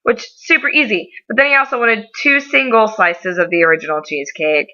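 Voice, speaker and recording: A woman's voice: mid-range voice, fairly quick, bright, forceful tone. A young woman vlogger chatting casually to camera, rambling through a story with lots of ums and laughs. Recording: dull lo-fi audio.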